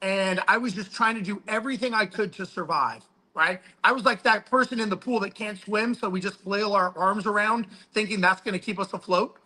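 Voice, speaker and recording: A man with a high, bright voice talks casually, with plenty of swearing. He tells stories emphatically and acts out the back-and-forth with his mentor. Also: fairly quick, hardly any pauses, rough recording. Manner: profane, storytelling. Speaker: guest speaker. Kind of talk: casual chat.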